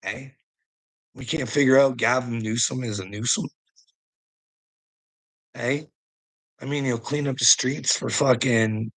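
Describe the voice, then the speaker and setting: A man's voice: mid-range voice, unhurried, long pauses, a bit bright, low-quality recording. A middle-aged man talking casually on a livestream, rambling, teasing viewers, swearing freely and laughing often. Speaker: livestream host.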